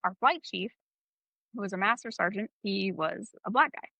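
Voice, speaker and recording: A woman's voice: mid-range voice, normal speed, vocal fry, pushed and bright, no room sound. A young adult woman co-hosting a podcast and telling a candid, profane story in casual chat. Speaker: podcast co-host. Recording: slightly dull, dry sound.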